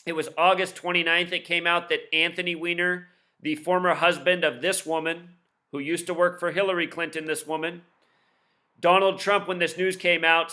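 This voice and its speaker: Fast-talking, insistent male commentator. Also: fairly high pitch, sharp tone. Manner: rapid-fire, insistent, admits talking too fast; lists numbers and codes in rapid bursts. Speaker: video commentator. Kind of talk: solo explainer monologue.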